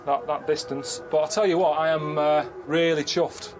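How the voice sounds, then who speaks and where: Grumbling man, a touch high. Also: moderate pace. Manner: grumbling, deadpan complaining. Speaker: travelling presenter. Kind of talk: casual travel-show commentary.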